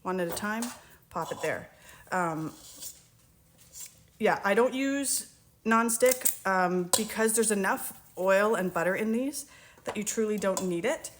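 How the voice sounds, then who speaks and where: A woman's voice: medium pitch, a little hiss or hum. A woman teaching a cookie recipe in real time, chatting and reassuring viewers as she mixes and scoops in her home kitchen. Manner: chatty, reassuring, talks while working. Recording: kitchen clatter of dishes and utensils.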